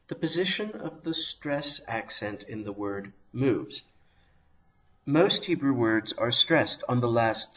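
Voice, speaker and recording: A man teaching a Hebrew grammar lesson, explaining slowly and carefully and pronouncing words deliberately. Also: medium pitch, fairly bright tone. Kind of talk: scripted lesson narration.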